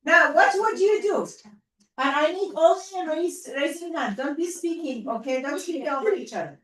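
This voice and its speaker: A woman with an Arabic accent teaching a class in a lively, coaxing way. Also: high voice. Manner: lively, coaxing, quick asides to pupils. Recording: roomy classroom from far off.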